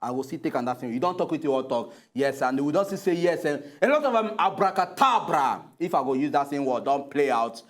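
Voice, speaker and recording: A man's voice: fairly high pitch, animated, brisk, few pauses. A man with a Nigerian Pidgin accent co-hosting a TV political debate, hesitant and full of fillers, pleading and indignant. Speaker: TV talk show co-host.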